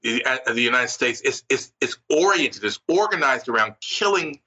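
This man is a guest on a talk radio show, making an emphatic point while searching for his words. His voice is very sharp and bright but husky. His intonation swings widely. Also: mid-range voice, lively intonation, normal speed, lo-fi sound. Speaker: guest, author and journalism professor.

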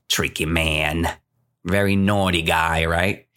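A man teaching, reading a story aloud to learners in a playful way, stopping to ask rhetorical questions and making deliberate mistakes to correct. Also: deep voice, fairly bright tone.

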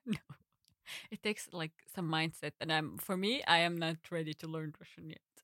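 A woman's voice: sits low, unhurried, a bit bright, no room sound, clean studio sound. A young woman co-hosting a podcast in casual chat, talking loosely with lots of "like" and small restarts. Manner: chatty, hedges with "like". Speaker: podcast co-host.

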